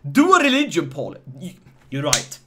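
A man with a Swedish accent commentating his live game stream, joking and animated as he talks to chat. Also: on the high side, moderate pace.

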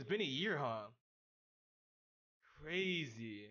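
A young man live-streaming, reading out viewer messages in casual chat, excitable, with loud outbursts, swearing and a stutter with frequent restarts. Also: high-pitched, normal speed, highs cut off.

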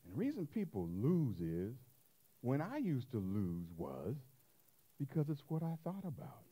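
A man preaching a sermon as pastor, animated and colloquial, acting out little scenes as he goes. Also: mid-range voice, a little slow, breathy edge.

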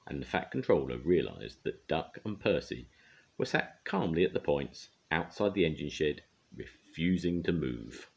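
An older man reading a children's story aloud with an expressive, lively delivery. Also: rumbling low, moderate pace, vocal fry. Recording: dull lo-fi recording.

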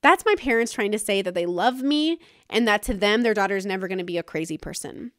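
A woman's voice: mid-range voice, lively intonation, fast talker, fairly bright tone, no room sound, clean studio sound. A woman hosting her own podcast, talking frankly and casually in a solo monologue, with some swearing. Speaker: podcast host.

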